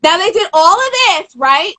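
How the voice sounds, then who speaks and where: Her story comes out animated as this twenty-something woman, a guest on a relaxed live stream over a phone or video call, is quick to play the people she talks about. The voice is very high and the recording rough.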